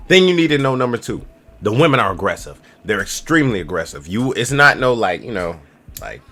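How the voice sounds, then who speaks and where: A man's voice: fairly low pitch, sing-song, normal speed, bright, forceful tone, soft background music. A man in his twenties giving loose, slangy, rambling travel advice straight to camera as a casual vlogger. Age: 20s.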